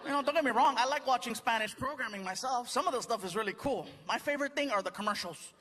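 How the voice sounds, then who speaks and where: High-voiced laughing stand-up comedian man. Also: fast. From United States. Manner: lively, playful, laughing at his own jokes. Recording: live club recording with loud crowd. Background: audience laughter and noise.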